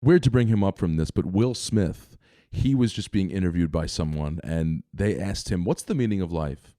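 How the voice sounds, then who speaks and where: A young man co-hosting a podcast, telling stories in a rambling, animated way with lots of fillers. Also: sits low, moderate pace, no echo, clean studio sound. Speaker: podcast co-host. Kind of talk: casual chat.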